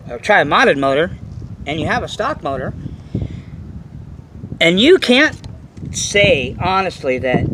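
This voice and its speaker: A boastful, excitable man rambles to camera, his pitch sitting a bit high and leaping all over the place. He restarts his sentences constantly. Faint outdoor noise hums behind him. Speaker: RC nitro hobbyist vlogger. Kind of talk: casual rambling talk to camera.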